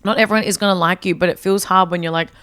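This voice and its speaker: A young woman with an Australian accent chats as a podcast guest. She talks in a slightly low voice and tells stories with lively energy. She is affectionate and quick to act out voices. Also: clean tone. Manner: animated storyteller, affectionate, slips into voices. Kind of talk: casual chat.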